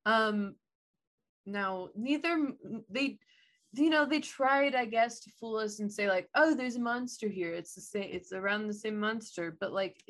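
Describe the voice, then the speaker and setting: A woman co-hosting a casual film chat, talkative and quick to laugh, with some swearing. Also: medium pitch, fairly bright tone. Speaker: podcast co-host. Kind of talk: casual chat about films.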